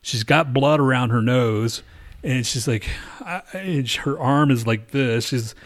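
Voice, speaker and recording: A man's voice: mid-range voice, a little slow. Rambling, profane man telling a story. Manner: rambling, profane, with frequent restarts and fillers. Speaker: storyteller in a casual conversation. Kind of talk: casual chat.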